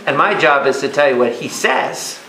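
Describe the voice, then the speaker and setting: A man's voice: a little high, animated, moderate pace, bright, forceful tone. A man, a priest leading a Bible study for a live group, who speaks emphatically and keeps firing questions at his listeners. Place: a meeting room or church hall with a live audience. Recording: echoey room.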